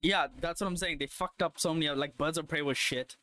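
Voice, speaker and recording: A man with a somewhat high voice who talks bluntly and swears heavily, sharing strong opinions in casual chat. The recording is close and dry. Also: fairly even intonation, fast talker, pushed and bright, no room sound. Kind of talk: casual chat about movies.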